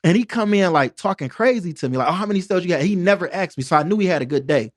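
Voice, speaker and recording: A man's voice: high voice, expressive, rapid-fire, no room sound, studio quality. A man from Detroit, a door-to-door salesman and podcast guest, telling stories in a jokey, streetwise way with constant "you know what I mean" asides. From Detroit, USA. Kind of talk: animated storytelling in casual conversation. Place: podcast studio.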